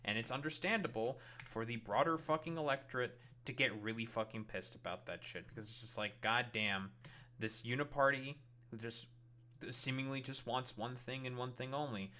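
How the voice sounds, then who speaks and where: A man's voice: mid-range voice, normal speed, pushed and bright. A male streamer delivering a heated, profanity-laden political rant while reacting to clips. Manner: heated, swears constantly.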